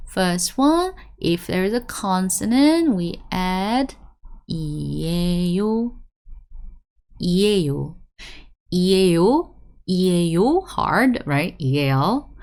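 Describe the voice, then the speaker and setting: A woman's voice: medium pitch, creaky. A young woman teaching an online language lesson, drilling words by repetition and checking in with "right?" as she explains. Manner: animated, drills words by repeating them, asks "right?" often.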